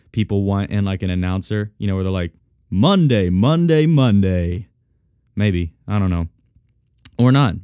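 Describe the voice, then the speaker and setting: A man's voice: lowish voice, darkish tone, dry recording, studio quality. Congested joking male podcast host. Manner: joking, rambling, self-mocking. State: congested, sniffly, sinus-deepened voice. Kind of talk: casual solo podcast chat.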